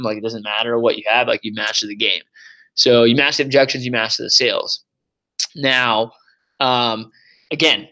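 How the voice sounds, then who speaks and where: A young man coaching sales reps in a casual walkthrough, energetic and loud, full of "like" and "um" fillers. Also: mid-range voice, poor audio. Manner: energetic and loud, says so himself, many fillers. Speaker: sales trainer.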